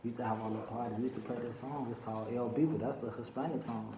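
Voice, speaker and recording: Laid-back young rapper, noisy room. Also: male voice, mid-range voice, steady tone, rapid-fire. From Chicago. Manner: laid-back, slangy, promotional shout-outs. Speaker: guest hip-hop artist. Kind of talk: casual radio interview. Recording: roomy, dull lo-fi sound with noise.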